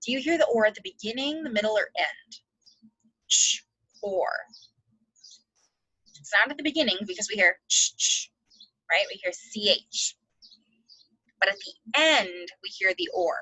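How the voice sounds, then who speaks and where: Bright-voiced woman teaching phonics. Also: medium pitch, husky, no room sound, poor audio. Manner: slow, sounding out letters, encouraging. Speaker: second grade teacher. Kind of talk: online phonics lesson.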